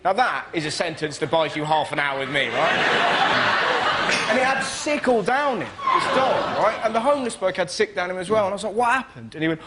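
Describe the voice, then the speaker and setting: Male comedian, stand-up story, high lively voice, loud background noise. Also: normal speed. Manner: animated storytelling with acted-out voices. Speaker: comedian panellist. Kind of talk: stand-up anecdote. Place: TV studio with audience.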